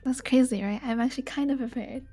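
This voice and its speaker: A woman's voice: sits high, fast, mellow, faint music behind. A woman chatting as a guest on a live stream, giggly and hesitant with frequent "um"s. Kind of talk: casual chat.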